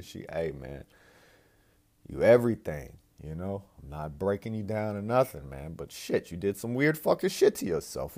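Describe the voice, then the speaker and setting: A man's voice: deep voice, gravelly, a little mellow. A man hosting a podcast, giving a blunt, profane, rambling monologue. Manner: profane, blunt, repeats himself. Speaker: podcast host.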